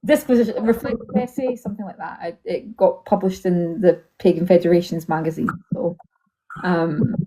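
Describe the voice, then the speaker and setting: A woman guest in a casual online chat on a video call, talking hesitantly with many fillers and soft laughs. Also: lowish voice, fairly even intonation, normal speed, poor audio.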